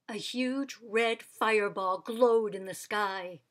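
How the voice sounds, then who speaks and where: A woman reading a children's picture book aloud as host, clear and explanatory, asking her young listeners questions. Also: mid-range voice, fairly even intonation, unhurried, few pauses, fairly bright tone. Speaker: teacher-style read-aloud host.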